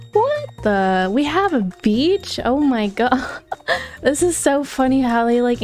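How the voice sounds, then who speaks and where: A young woman hosting a gaming channel, giving excitable, giggly play-by-play commentary while keeping her voice down. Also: fairly high pitch. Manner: excitable, gasping and giggling, talking quietly. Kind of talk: casual gameplay commentary.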